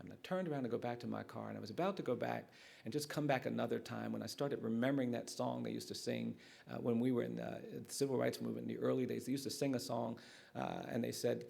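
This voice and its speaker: A middle-aged man speaking to a lecture audience, his voice heavy with gravelly fry. He tells his story earnestly and acts out each quoted exchange in turn. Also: medium pitch, quick pace, darkish tone. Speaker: guest speaker. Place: lecture hall.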